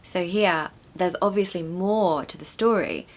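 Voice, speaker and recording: A young woman teaching idioms in a chatty, lively way, laughing now and then and slowing down to model pronunciation. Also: fairly low pitch. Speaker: English teacher. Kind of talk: online English lesson on idioms.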